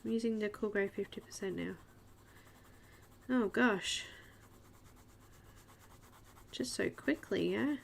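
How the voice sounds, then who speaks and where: Middle-aged Australian woman, gravelly voice, relaxed live-stream chat, faint room noise. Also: medium pitch, slow pace, pauses often. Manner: soft, chatty, reads comments aloud as she works. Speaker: host of a live coloring stream. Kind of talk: casual live-stream chat while coloring.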